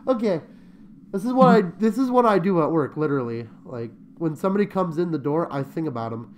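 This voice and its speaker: A man's voice: a little high, animated, a little fast, a little hiss or hum. A man hosting a casual online interview, joking around and breaking into sung lines. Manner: playful, joking, bursts into sung lines and laughter. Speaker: host. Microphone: remote call.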